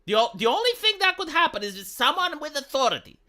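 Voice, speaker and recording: A man's voice: extremely high pitch, big pitch swings, fast talker, pushed and bright. A man from Romania ranting on a live stream, heated and profane, often stumbling and restarting his sentences.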